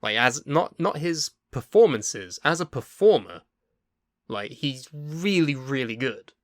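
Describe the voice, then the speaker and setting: A man's voice: medium pitch, lively intonation, slow pace, dry recording, studio quality. A man co-hosting a wrestling podcast, talking in casual chat, thoughtful and a bit hesitant. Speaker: podcast co-host.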